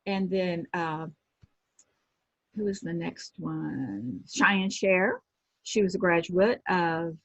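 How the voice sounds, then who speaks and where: A woman in her sixties, a former pro wrestler, telling lively anecdotes in an interview and acting out the people she quotes. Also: lowish voice, slow, vocal fry, slightly rough, no echo. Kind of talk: casual storytelling interview. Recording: dull lo-fi sound.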